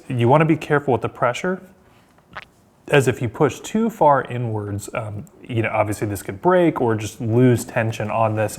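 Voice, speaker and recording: Casual man explaining a hands-on install. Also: mid-range voice. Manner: relaxed, conversational, with frequent ums and uhs. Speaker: installation instructor. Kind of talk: step-by-step how-to demonstration.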